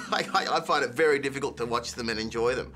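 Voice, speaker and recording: A man's voice: mid-range voice, fairly quick, over music. A man giving a documentary interview as an enthusiastic fan, chatty and tripping over his words. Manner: enthusiastic, chatty, stumbling restarts.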